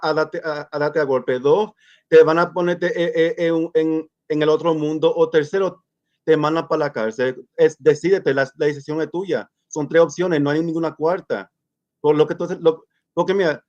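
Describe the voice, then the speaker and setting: A man's voice: fairly high pitch, darkish tone. Stammering angry man, muffled call audio. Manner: angry, stammering, repeats himself. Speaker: guest caller. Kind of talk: heated rant to a streamer.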